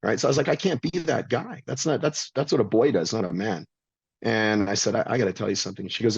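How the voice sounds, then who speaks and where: A man's voice: lowish voice, fast talker, vocal fry, slightly rough, dry recording, dull audio. A man in his fifties telling his own story in a blunt, profane, emphatic way as a podcast guest. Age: 50s. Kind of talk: casual storytelling.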